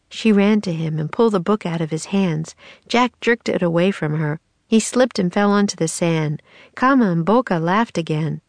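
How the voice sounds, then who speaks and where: A woman narrating a children's storybook in a steady, measured way. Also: sits low, vocal fry, no echo. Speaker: audiobook narrator.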